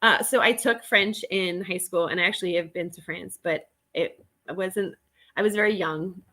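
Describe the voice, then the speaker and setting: A woman hosting a casual live stream while she works. She talks in a chatty, excitable way, laughs often, and greets viewers by name. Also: lowish voice, normal speed. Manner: laughs often, rambling restarts.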